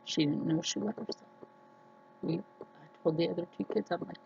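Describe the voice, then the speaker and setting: A woman vlogger talking earnestly to her viewers, telling personal stories slowly with many restarts. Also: fairly low pitch, fairly even intonation, creaky, mellow, dull audio, a little hiss or hum. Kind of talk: casual personal talk to camera.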